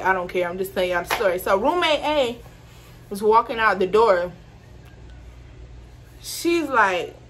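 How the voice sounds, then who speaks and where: A young woman from Georgia telling a storytime, loose and animated, cursing freely and laughing as she goes. Her voice sits at an ordinary middle pitch. A faint hiss of noise sits under it. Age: 20s. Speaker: vlogger. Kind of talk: casual storytime.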